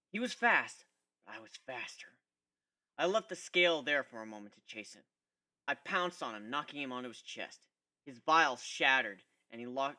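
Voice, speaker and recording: A man narrates a fan story in the first person, giving it a dramatic reading. His voice is bright and lively, and its pitch rises and falls freely. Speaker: reader.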